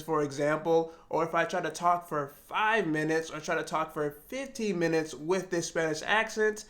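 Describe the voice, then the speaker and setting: A man's voice: high-pitched, a bit bright. A man vlogging about learning a language, earnest and self-reflective as he talks about his insecurities. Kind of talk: casual explanatory vlog narration.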